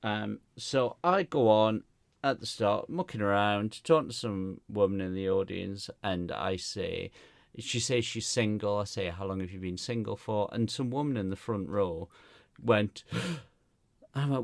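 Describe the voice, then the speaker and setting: Speaking in a lowish voice with vocal fry and at normal speed, a stand-up comedian from Gateshead in northeast England recounts a gig while co-hosting a podcast. He laughs a lot and animatedly acts out whoever he's quoting. The sound is studio quality with no room sound.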